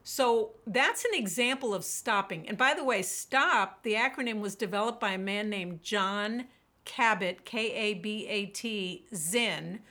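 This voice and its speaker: A woman guest on a podcast, talking about burnout and telling lively stories in which she quotes herself. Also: mid-range voice, measured pace. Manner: animated storyteller, quotes herself vividly. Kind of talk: podcast interview, storytelling.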